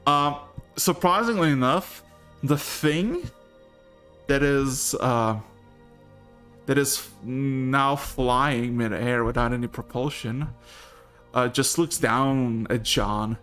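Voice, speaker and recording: A man's voice: medium pitch, takes it slowly, long pauses, a bit bright, faint music behind. A man narrating as game master of a tabletop game, laid-back and casually swearing.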